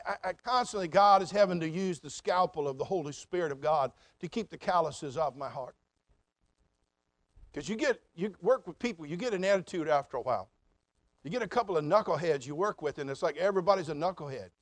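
A middle-aged man preaching a sermon as pastor in a folksy, animated way, with asides and mocking voices. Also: high voice, no echo.

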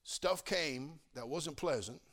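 An older man preaching a sermon as pastor, swinging between loud fervor and quiet storytelling. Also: a little high, takes it slowly.

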